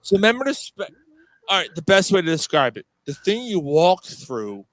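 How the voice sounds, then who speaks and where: Animated, foul-mouthed man telling a story. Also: sits high, moderate pace, no echo. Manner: animated, profane, swears constantly, laughs through the story. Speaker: podcast host. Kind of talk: casual storytelling chat.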